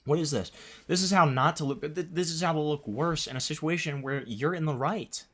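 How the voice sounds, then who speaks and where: A man's voice: a little high, a little fast, fairly bright tone. Young guy on a live stream reacting to a clip, swears a lot, keeps repeating himself in disbelief.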